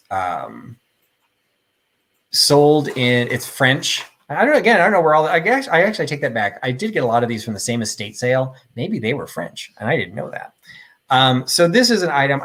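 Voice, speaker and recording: Joking Midwestern man selling vintage goods. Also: mid-range voice. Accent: Midwestern American. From suburbs of Chicago, Northern Illinois. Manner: joking, rambling, self-deprecating. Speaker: vintage seller hosting a live sale. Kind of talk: casual live sale chat.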